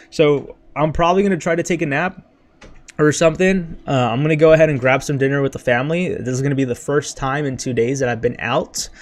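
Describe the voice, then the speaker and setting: A young man hosting a casual crypto livestream from his bedroom, hyped and rambling, wired on caffeine and a bit out of breath, with lots of "dude" and "bro". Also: on the high side. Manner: hyped, rambling, says freaking and dude a lot.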